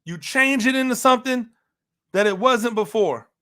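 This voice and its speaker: A man delivers an animated football talk monologue in a high, bright voice. He hammers his points home by repeating phrases and keeps throwing rhetorical questions at his listeners. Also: normal speed. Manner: emphatic, repeats phrases for emphasis; talks to listeners directly, asks rhetorical questions. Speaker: football analyst host.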